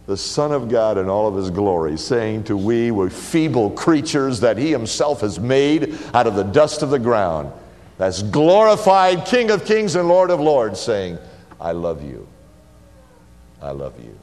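A man preaching a sermon, sweeping from raised declarations to hushed, quiet quotations. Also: medium pitch. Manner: expressive preaching, drops to a hushed voice for quoted words. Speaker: pastor. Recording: long hall reverb.

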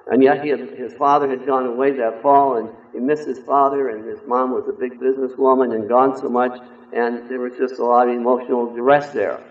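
A man's voice: fairly even intonation, a little fast. A man preaching a sermon in an earnest, emphatic way, telling a personal story. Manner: earnest, emphatic, varies pitch and loudness for stress. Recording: echoey room over a phone-like line.

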